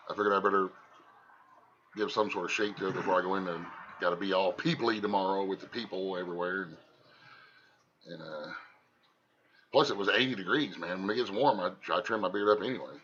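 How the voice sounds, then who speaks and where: Husky-voiced country man from Ohio. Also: low voice, a little fast, long pauses, sharp tone, highs cut off. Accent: Southern Ohio country. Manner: folksy, blunt, drawling. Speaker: host of a livestream. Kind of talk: casual chat.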